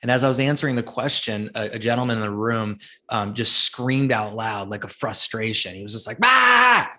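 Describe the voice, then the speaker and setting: A man's voice: on the low side, fairly quick. A man, a guest speaker and author, telling stories in an interview, acting out the people he quotes and often restarting his sentences. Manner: animated storyteller, acts out quoted people, many restarts. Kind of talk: storytelling interview answers.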